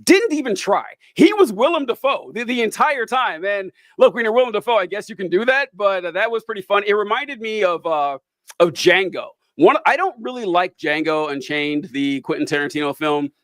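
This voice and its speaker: A man's voice: high-pitched, expressive, normal speed, fairly bright tone, no echo. A young man co-hosting a podcast, chatting casually and wryly about a movie, rambling and interrupting himself. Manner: rambling, self-interrupting, wry. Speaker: podcast co-host. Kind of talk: casual movie review chat.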